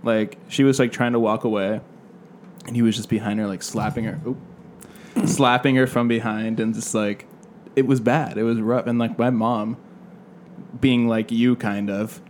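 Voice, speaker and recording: A man co-hosting a podcast, telling a story in a relaxed, rambling way with casual swearing. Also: mid-range voice, moderate pace, a little hiss or hum. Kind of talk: casual chat.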